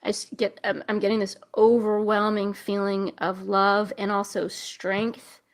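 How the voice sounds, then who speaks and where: A woman hosting a live intuitive reading show, speaking softly and slowly, at times close to tears. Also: medium pitch, little pitch movement. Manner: soft, gentle, slow and emotional. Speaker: intuitive reader, show host. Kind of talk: live psychic reading session.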